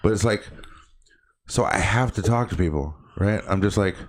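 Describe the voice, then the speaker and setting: A man co-hosting a podcast in casual chat, talking bluntly, swearing often and getting animated as he tells stories. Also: fairly low pitch, normal speed. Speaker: podcast co-host.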